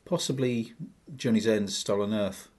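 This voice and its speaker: A man's voice: lowish voice, fairly even intonation, measured pace, a little mellow. A man co-hosting a casual podcast chat, rambling and searching for his words. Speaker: podcast co-host.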